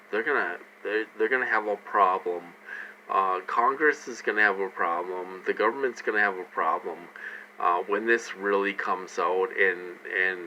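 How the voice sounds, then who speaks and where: A man's voice: on the low side, sharp tone, dull audio, slight background noise. A man in his forties venting in a personal vlog, repeating himself, agitated and full of restarts and fillers. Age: 40s. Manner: agitated, repetitive ranting. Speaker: vlogger.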